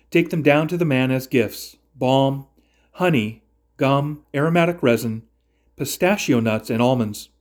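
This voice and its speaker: A man's voice: medium pitch, darkish tone, close to an everyday voice. A man voicing a grieving, white-haired old father who fears losing his sons, read with lamenting, pleading lines. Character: grieving aged father, fearful and protective.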